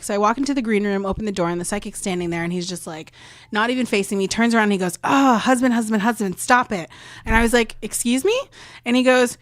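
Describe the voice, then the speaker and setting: A woman's voice: medium pitch, no echo. A young woman guest chatting on a podcast, telling a story with lots of "like" and acting out other people's lines. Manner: filler-heavy "like" speech. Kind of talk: casual chat storytelling.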